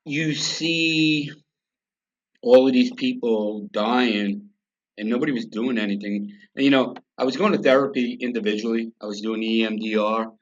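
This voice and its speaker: Speaking at a moderate pace in a mid-range voice, a middle-aged man from the United States shares a personal story on a podcast. He's blunt, profane, and emotional about it, and the recording sounds dull and lo-fi.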